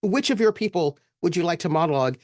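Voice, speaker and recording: A woman's voice: lowish voice, lively intonation, quick pace, darkish tone, no echo, clean studio sound. A woman facilitating a tabletop role-playing game, playful and full of affirming murmurs.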